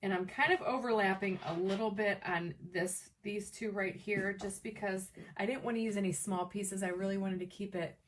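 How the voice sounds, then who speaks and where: A woman hosting a live crafting demo from home, chatting with viewers by name in an excitable, chatty way. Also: mid-range voice, moderate pace, hardly any pauses, distant mic, slight background noise. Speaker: crafting livestream host. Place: home craft table, camera on tripod.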